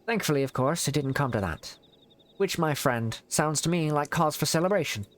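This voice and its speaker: A man voicing a hearty, gruff male naval commander in a game, with a wavering put-on accent. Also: fairly high pitch, lively intonation, normal speed, voice pushed up, lightly acted.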